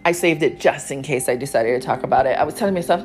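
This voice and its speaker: A woman's voice: very deep voice, fast, music in the background. A woman hosting her own podcast, telling a story in a blunt, profane, casual monologue from home. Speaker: podcast host.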